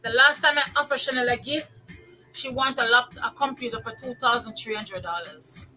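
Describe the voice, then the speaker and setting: An older woman with a Jamaican accent, telling stories in a casual monologue, lively, repeating phrases for emphasis and slipping into patois. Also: a little high, moderate pace, over music, rough recording. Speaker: vlogger.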